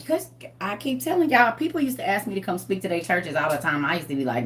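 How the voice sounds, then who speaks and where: A woman's voice: medium pitch, animated, a little fast, a bit bright. A woman hosting a live group chat, talking casually in a playful, teasing way and laughing often. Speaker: host of a live reading group.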